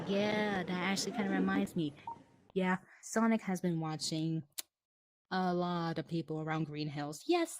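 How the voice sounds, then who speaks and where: A woman's voice: medium pitch, dry recording. A young adult woman rambling through a comedic monologue, full of fillers, mock exasperation and casual swearing. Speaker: comedy skit performer. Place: online virtual world session.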